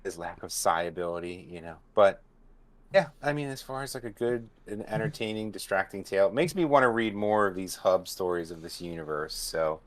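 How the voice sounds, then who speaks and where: Rambling, low-voiced male panelist. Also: fairly quick. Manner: rambling, heavy on fillers like "you know". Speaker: podcast panelist. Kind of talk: casual book discussion.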